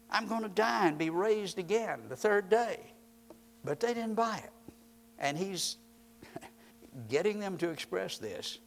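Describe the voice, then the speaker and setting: A man preaching a sermon, emphatic and rising in force on repeated points, quoting scripture at a slower, measured pace. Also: high-pitched.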